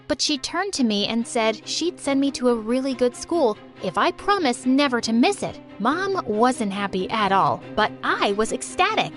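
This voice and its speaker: A woman narrating a first-person animated story in a dramatic, expressive way. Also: on the high side, normal speed, few pauses, soft background music.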